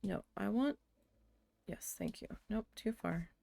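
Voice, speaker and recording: A woman streaming a building game, telling a story in a casual, venting way with a lot of swearing, and muttering quietly to herself while she builds. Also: medium pitch, slow pace, vocal fry. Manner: chatty venting with frequent swearing.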